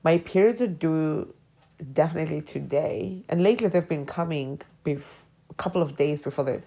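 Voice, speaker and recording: A woman in her forties speaks alone on her podcast, reflecting on personal memories in halting, searching sentences. Her voice sits low and dark with a gravelly fry. Now and then she drops into a near whisper. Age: 40s. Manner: hesitant, drops into whispers when emotional. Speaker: podcast host.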